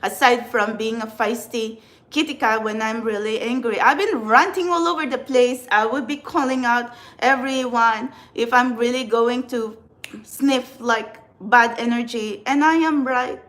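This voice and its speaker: A Filipina woman with a Filipino accent, speaking in a fairly high voice as she chats to camera. She rambles earnestly and restarts her sentences often, like someone thinking out loud to her viewers. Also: measured pace. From Philippines. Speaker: tarot reader and spiritual channeler. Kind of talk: casual talk to camera.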